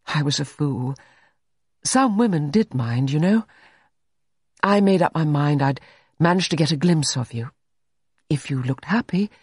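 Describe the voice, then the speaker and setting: A reader voicing a scarred, weary man who returned from the dead, speaking quietly and with resignation. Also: medium pitch, husky, dry recording, clean studio sound.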